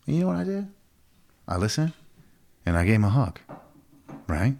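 A man's voice: big pitch swings, gravelly, darkish tone. A man in his forties, a fitness coach, talking casually and emphatically in an interview, often repeating himself. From United States. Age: 40s. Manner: emphatic, repetitive, quick swings up to a high pitch.

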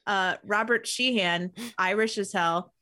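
A woman's voice: mid-range voice, measured pace, pushed and bright, no room sound, clean studio sound. A woman co-hosting a casual movie podcast, chatty, laughing often, with lots of ums. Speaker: podcast co-host. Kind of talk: casual movie-review chat.

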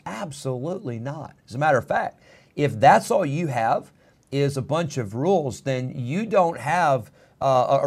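A man's voice: fairly high pitch, darkish tone. A pastor in his thirties preaching a sermon in an earnest, emphatic way, repeating key phrases.

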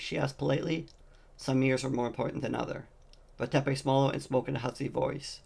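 A man's voice: mid-range voice, steady tone, brisk, gravelly, a little mellow, slightly rough. A man reading a fantasy novel aloud, voicing the dialogue lightly in his own voice. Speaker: audiobook reader.

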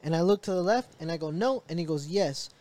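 A young man co-hosting a podcast, slightly higher-pitched than most men. He tells stories in a loose, animated chat style and swears freely. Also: very fast. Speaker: podcast co-host. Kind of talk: casual chat.

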